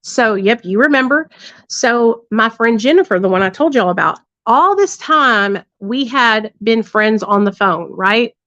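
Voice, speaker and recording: A woman's voice: fairly high pitch, lively intonation, unhurried, fairly bright tone, no room sound. A woman hosting a livestream, telling a story to her audience bluntly and profanely, with lots of tag questions. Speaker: livestream host. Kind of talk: candid storytelling to a live audience. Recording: dull lo-fi dry sound.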